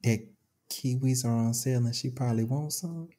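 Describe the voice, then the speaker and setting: A woman co-hosting a podcast, chatting casually and telling stories in a loud, profane, laughing way. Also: a bass voice, normal speed. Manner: animated, profane, laughing storyteller. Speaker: podcast co-host. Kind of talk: casual chat.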